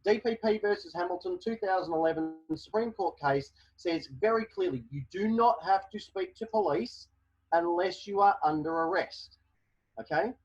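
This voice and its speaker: A man's voice: high-pitched, moderate pace, slightly rough. A man presenting a webinar, giving emphatic legal advice and checking in with "okay?" after each point. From Australia. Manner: emphatic, repeats "okay?" to drive points home. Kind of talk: explaining legal advice to a caller. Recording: dull, lo-fi webinar audio.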